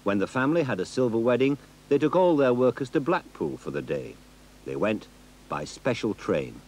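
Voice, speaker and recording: A man narrating a documentary in a measured, expressive way. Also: medium pitch, slight background noise. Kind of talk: scripted narration.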